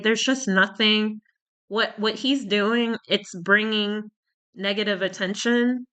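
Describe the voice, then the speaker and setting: A woman's voice: mid-range voice, bright, forceful tone. A woman talking in a casual commentary vlog. She rambles and searches for words, and she is short of breath from a cold. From United States. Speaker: YouTuber.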